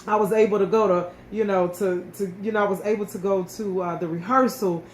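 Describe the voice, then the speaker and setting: A brisk, steady woman with a mid-range voice, a co-host, tells a personal story casually and emotionally, frequently restarting and repeating words. The room is echoey with faint background noise.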